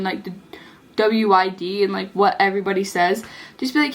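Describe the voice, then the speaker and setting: A woman's voice: a little high, a little fast. A teenage girl giving casual, earnest advice in a vlog, rambling with many "like"s and restarts. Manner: rambling, earnest, heavy use of "like". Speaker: vlogger.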